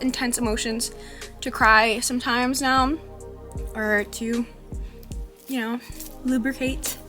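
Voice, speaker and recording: A young woman talking candidly in a personal vlog about living with chronic illness, halting and full of fillers, with soft laughs. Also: fairly high pitch. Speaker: vlogger.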